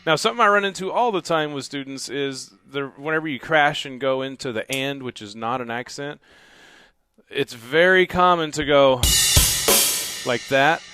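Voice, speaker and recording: A man giving a drum lesson in a studio calls out each bass, snare, and crash hit loudly while playing and counting, before explaining things more quietly and casually. He keeps a moderate pace; the drum kit comes through loud over his voice, with faint music behind.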